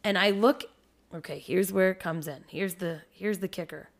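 A woman, a parent in her thirties, telling a story on a podcast in an animated, swearing, casual way. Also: fairly low pitch, moderate pace, gravelly. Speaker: podcast host.

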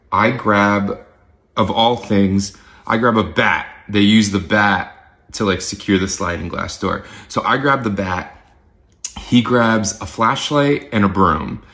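Rambling young man telling a story. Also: lowish voice. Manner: rambling, full of "like" and "um" fillers. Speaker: podcast host. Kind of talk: casual storytelling.

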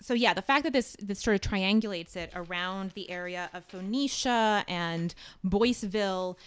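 A woman hosts a casual podcast, explaining at length in a chatty way. Her voice is smooth and clear, recorded close and dry. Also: mid-range voice, moderate pace, no echo. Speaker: podcast host.

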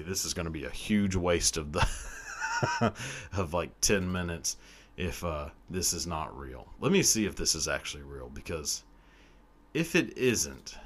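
Man, very low voice, casual podcast host, rambling and profane, laughs at himself. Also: slight background noise. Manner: rambling, profane, self-deprecating. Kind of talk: casual solo podcast chat.

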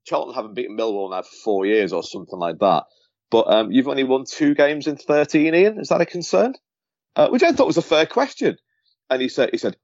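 A lower-voiced man rattles through stories at a quick clip, stumbling over his own restarts as he goes. The sound is dry and a little dull and lo-fi. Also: no echo. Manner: rambling storyteller with many restarts. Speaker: podcast co-host, former football journalist. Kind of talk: casual chat, anecdote telling.

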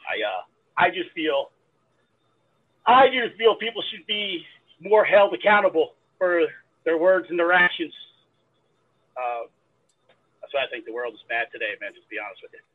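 A man's voice: on the high side, big pitch swings, moderate pace, pauses often, slightly rough. A man talking casually and at length, rambling and profane, often tacking on "man". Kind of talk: casual chat. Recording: phone-like narrow sound.

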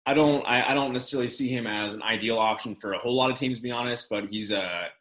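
A man's voice: medium pitch, quick pace, fairly bright tone, poor audio. A man co-hosting a casual sports podcast, rambling and restarting his sentences. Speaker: podcast co-host.

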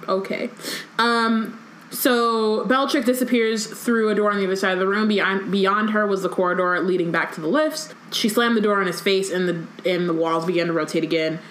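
A woman's voice: medium pitch, fairly even intonation, normal speed, a bit bright, slight background noise. A woman co-hosting a casual book podcast, recapping the plot and reading passages aloud. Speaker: podcast co-host. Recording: echoey room.

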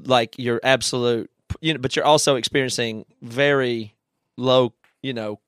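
A man's voice: mid-range voice, steady tone, moderate pace, a bit bright, clear, resonant tone, no room sound, studio quality. A man who co-hosts a podcast, chatting casually in a reflective, wry way. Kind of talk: casual chat.

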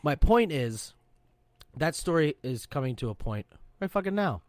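Brash male podcast host, animated profane storyteller, very lively pitch. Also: normal speed, no echo. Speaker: podcast host, serving sailor. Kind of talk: casual storytelling chat.

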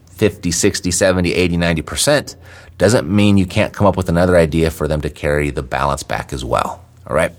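Deep-voiced man teaching real estate investing. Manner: conversational, checks in with "right?" often, some fillers. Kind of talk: casual teaching talk.

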